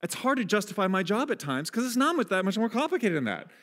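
This male pastor delivers a sermon in a high, sing-song voice and talks fast. His tone is conversational and self-deprecating, he often laughs at himself, and he swings between hushed, quiet lines and loud, raised ones.

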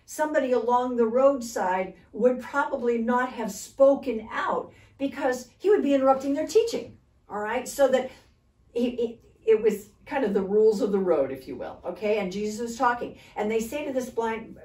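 A woman's voice: fairly high pitch, animated, moderate pace, a little mellow. A woman co-leading a church Bible study, explaining the passage conversationally and often checking in with "okay?". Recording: echoey room, distant mic.

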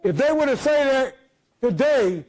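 Man, pastor, preaching a sermon, shouting, calls out to the church, folksy humor, very high voice. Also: lively intonation, a little slow, poor audio. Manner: folksy, joking asides.

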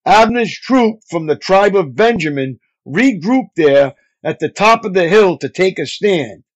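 A male pastor reads scripture aloud, phrase by phrase, at a measured pace. His voice is pitched high. The recording sounds dull and lo-fi. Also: expressive. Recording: dull lo-fi audio.

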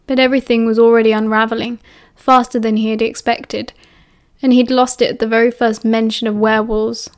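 A woman with a British accent narrating a novel as an audiobook, in a steady, expressive reading. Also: fairly high pitch, fairly quick.

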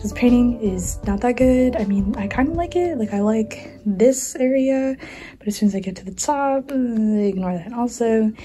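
Raspy late-teen woman, hushed rambling vlog chat at home, faint music behind. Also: a little high, moderate pace. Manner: quiet, hushed, rambling with fillers. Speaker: art vlogger. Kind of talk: casual sketchbook tour chat. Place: at home indoors.

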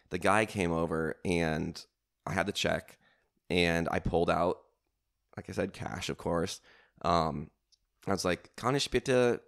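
A man hosting a comedy podcast alone, telling stories in a casual, rambling way full of swearing, fillers and self-mockery. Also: low-pitched. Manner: swearing, self-mocking storytelling with lots of fillers.

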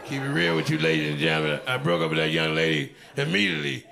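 Gravelly man doing crude stand-up. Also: a bass voice, fast, background noise. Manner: animated, crude, shouting punchlines. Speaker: stand-up comedian. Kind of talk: stand-up comedy storytelling. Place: comedy stage before a live audience. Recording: live stand-up with crowd laughter.

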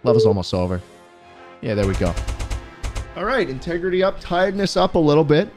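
Excitable, swearing man playing a game. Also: fairly high pitch, fairly quick, soft background music. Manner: profane, excitable, yelps and laughs often. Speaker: gaming YouTuber. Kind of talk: let's-play commentary.

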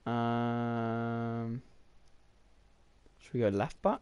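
Young guy chatting through a game, mid pitch, lots of ums, dry close mic. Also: steady tone, takes it slowly, pauses often, a little mellow, smooth, dry recording. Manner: rambling, thinking aloud with fillers. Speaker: gaming YouTuber. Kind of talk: casual gameplay commentary.

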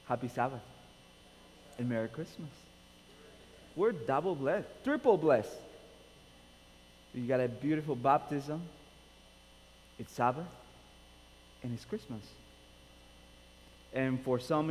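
Nicaraguan-accented pastor in a reverberant church. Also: male voice, medium pitch, slow pace, long pauses, darkish tone. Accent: Nicaraguan Spanish. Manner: informal, joking, self-deprecating. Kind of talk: friendly church welcome and sermon. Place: church sanctuary. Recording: echoey church hall with faint hum.

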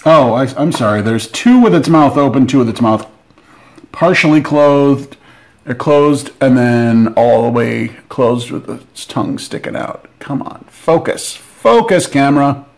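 A man of middle pitch chatters through a board game unboxing, joking as he goes. He gets giddy and keeps up a running commentary in a relaxed, informal tone. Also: a little slow. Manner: excitable, joking asides. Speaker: board game channel host.

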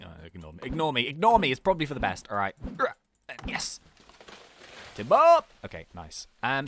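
A man giving excitable, chatty commentary while playing a video game, often laughing and exclaiming. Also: mid-range voice. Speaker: gaming video host. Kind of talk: casual let's-play commentary.

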